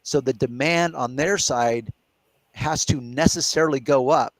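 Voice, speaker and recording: A man's voice: mid-range voice, a little slow, dry recording. Man explaining at length, dry sound. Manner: explains step by step, reasoning aloud. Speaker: podcast host. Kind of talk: casual live Q&A chat.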